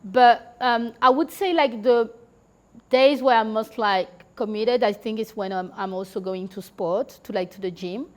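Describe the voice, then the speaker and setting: A woman's voice: on the high side, a little slow. A woman guest on a podcast, chatting casually and telling stories, with lots of "like" and "you know" and the odd laugh. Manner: chatty, heavy use of filler "like" and "you know". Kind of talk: casual conversational storytelling.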